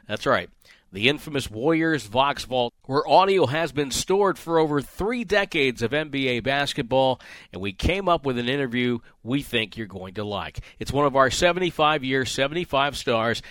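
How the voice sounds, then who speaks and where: Male podcast host, smooth broadcaster read, dry close sound, mid pitch. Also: a bit bright, dry recording. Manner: polished broadcaster's delivery. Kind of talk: podcast hosting and interview.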